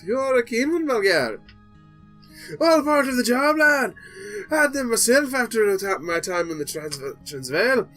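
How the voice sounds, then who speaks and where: A man's voice: very animated, unhurried, a bit bright, faint music behind, full character voice. A man voicing a jovial, boisterous old barkeep with a put-on accent, reading game dialogue aloud. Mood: hearty. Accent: put-on British Isles accent. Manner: booming, theatrical.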